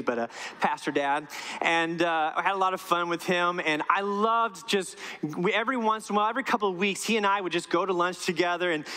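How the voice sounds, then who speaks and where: In a church sanctuary full of long reverb, a middle-aged man's high, sharp voice delivers a conversational sermon. As pastor, he weaves in stories and poses questions to the congregation.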